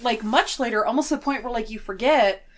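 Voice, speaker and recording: A woman with a slightly raised pitch chats about a film with two friends. She cuts in with dry, wry observations. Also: a little fast. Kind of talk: casual film discussion.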